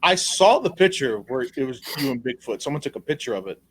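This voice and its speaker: A man with a mid-range voice co-hosts a casual podcast. He mostly answers with short, relaxed reactions and drops casual swears. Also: medium pitch, fairly quick, a little hiss or hum. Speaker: podcast co-host.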